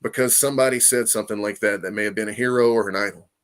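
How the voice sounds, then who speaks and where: A man telling a story in a casual interview, animated and profane, acting out quoted voices and laughing often. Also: fairly low pitch, rapid-fire. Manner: animated, profane, lots of "you know what I mean". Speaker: comic artist guest.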